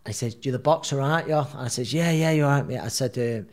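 A man's voice: mid-range voice, quick pace, a little mellow. A man, a professional boxer, telling a personal story in a casual, rambling way and acting out what people said. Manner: rambling, re-enacts dialogue.

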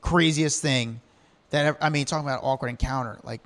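A man's voice: medium pitch, quick pace, fairly bright tone. A man telling stories in a casual chat, acting out the lines he quotes and laughing often.

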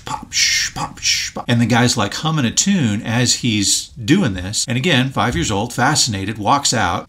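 A man co-hosting a casual talk show, retelling band history as animated anecdotes. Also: on the low side. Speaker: podcast co-host. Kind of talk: casual chat.

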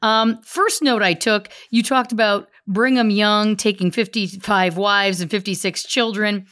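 A woman co-hosting a podcast, chatting casually and running through her notes with animated asides. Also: mid-range voice, unhurried. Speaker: podcast co-host. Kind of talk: casual true-crime chat.

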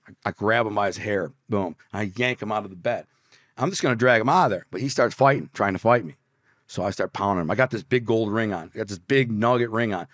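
Fast-talking storytelling man from Detroit. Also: fairly low pitch, no echo, studio quality. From Detroit, USA. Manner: animated, profane, acts out voices and sound effects. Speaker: podcast guest.

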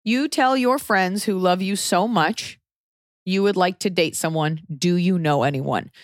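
A woman's voice: unhurried, no echo, studio quality. A woman hosting an advice podcast, blunt and sarcastic, acting out quoted people in a casual chat. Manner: blunt, sarcastic, acts out quoted people with big pitch jumps. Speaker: podcast host giving advice.

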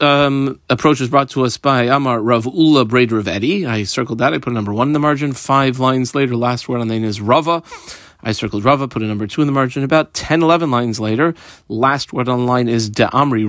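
A man leads a Talmud class, reading Aramaic phrases and explaining them in casual English while he marks up his page. His pitch moves a lot as he teaches. The recording is dry and close. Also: fairly bright tone, no room sound.

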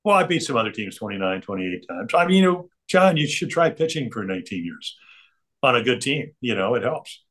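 A man's voice: mid-range voice, sing-song, a little fast, a bit bright. An older man, a guest on an interview, telling chatty, digressive stories and chuckling between them. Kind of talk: rambling anecdotal storytelling.

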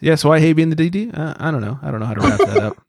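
This beer podcast host is a man whose slightly high, somewhat mellow voice races along with lots of animation as he jokes and reads out brief news items in a casual chat. The audio is dry, with clean studio quality.

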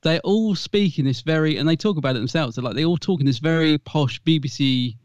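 A man co-hosting a podcast, chatting in an animated, jokey way, on a slightly dull lo-fi mic. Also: on the high side, fairly quick, no room sound. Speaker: podcast co-host. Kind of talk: casual podcast chat.

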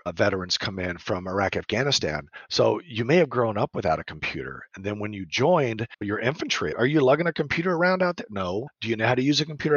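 An older man with a husky, slightly low voice talks earnestly about his work, pressing his points with emphasis and circling back through restarts. The sound is dry and a little dull, as on a lo-fi recording. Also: a bit bright, no room sound. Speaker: veterans nonprofit leader, guest. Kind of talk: conversational interview.

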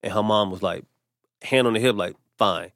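A man's voice: on the low side, normal speed, fairly bright tone, no room sound, studio quality. A comedian telling a personal story in casual conversation, acting out the people he quotes. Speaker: comedian guest.

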